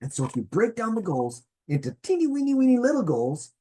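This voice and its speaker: A man's voice: sits high, big pitch swings, brisk, mellow, slightly rough. A middle-aged man giving a motivational business presentation in a folksy way, often checking in with "okay?".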